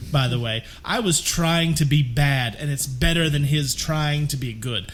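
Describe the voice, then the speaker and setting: A man riffing in a casual podcast chat, his voice sitting high and swooping all over as he rants. He keeps breaking into mock voices to mimic the people he is complaining about. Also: moderate pace, hardly any pauses, slight background noise. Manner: animated ranting, acts out characters in funny voices. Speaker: podcast co-host. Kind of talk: casual movie-review chat.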